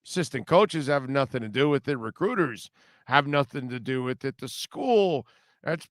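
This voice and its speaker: Blunt, sarcastic sports radio host. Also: male voice, fairly high pitch, fairly bright tone, clean tone, no echo, clean studio sound. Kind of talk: opinionated sports talk.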